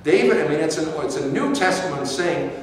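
A man preaching a sermon as pastor, slow and emphatic, repeating key phrases for weight. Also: on the high side, expressive, a little hiss or hum. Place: church sanctuary. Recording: echoey hall from far off.

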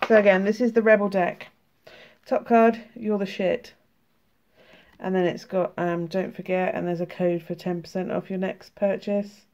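British woman vlogger with a sore throat, gravelly, casual and laughing, swears a lot; lo-fi home recording. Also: mid-range voice, little pitch movement, normal speed, darkish tone. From United Kingdom. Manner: chatty and laughing, swearing freely. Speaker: tarot and oracle card vlogger. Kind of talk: casual card flip-through, reading cards aloud.

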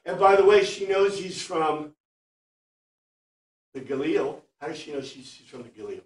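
A man teaching a Bible class, chatty and animated, reading Greek phrases word by word for his students. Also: fairly high pitch, moderate pace, long pauses. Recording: echoey room, far from mic.

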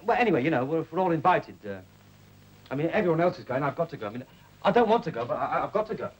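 A man's voice: fairly high pitch, expressive, racing, husky, poor audio. An actor playing a flustered young man who stammers and pleads with his mother, in a 1960s TV drama.

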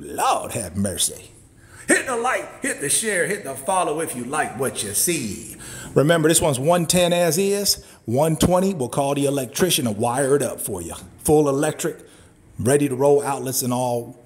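A man hosting a live-streamed sales walkthrough of a wooden cabin, a hyped-up pitchman who repeats catchphrases and lets out loud whoops. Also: slight background noise. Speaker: cabin salesman and livestream host. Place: indoors, walking through a wooden cabin.

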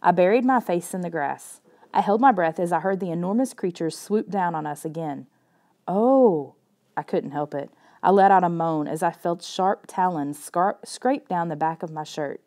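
A woman reads a children's spooky chapter book aloud, her voice lower and warm. She keeps a soft, measured storytelling pace, letting the tense moments settle. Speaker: audiobook narrator. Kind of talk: scripted narration.

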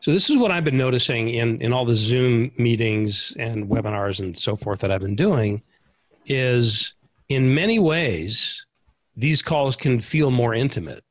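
A man's voice: medium pitch, animated, a little slow, no echo. A man hosting an interview, reflecting aloud in searching phrases. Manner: thoughtful, searching phrasing with restarts. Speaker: interview host. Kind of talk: conversational interview over video call.

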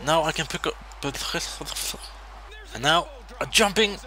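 Excitable man commentating a wrestling game. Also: on the high side, slow. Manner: excitable, swings between loud shouting and muttering.

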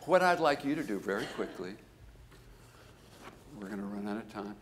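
Man, keynote speaker, professor, animated storytelling, emphatic high bursts. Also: normal speed, pauses often, slight background noise. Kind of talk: conference keynote.

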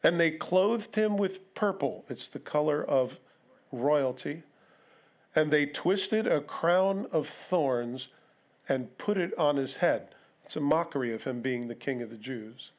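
A man's voice: a little high, expressive, slow pace. A male pastor preaching an expository sermon, conversational, with rhetorical questions and asides to the congregation. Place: church sanctuary.

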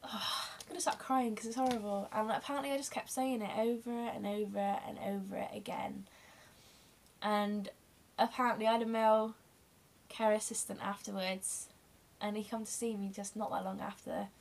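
A young adult woman with a medium-pitched, steady voice and some vocal fry tells a long personal story at a moderate pace. It's a casual storytelling vlog, and she's candid, rambling and emotional throughout.

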